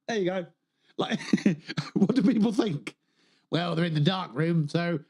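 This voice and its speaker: A man's voice: high-pitched, expressive, a little slow, a little mellow, slightly rough. A man on a gaming livestream, chatting casually, rambling and joking, swearing freely. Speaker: streamer.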